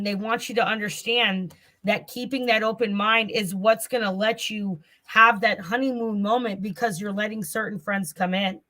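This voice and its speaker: A woman's voice: medium pitch, sharp tone. A woman with a Southern US accent, hosting a casual tarot reading stream and chatting straight to her viewers, repeating herself as she goes. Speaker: tarot reader and channel host.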